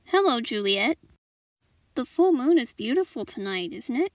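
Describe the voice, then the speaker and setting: A woman's voice: fairly high pitch, big pitch swings, normal speed, no room sound, studio quality. A woman voicing an affectionate male raptor who sweet-talks his mate in a fan dinosaur audio drama.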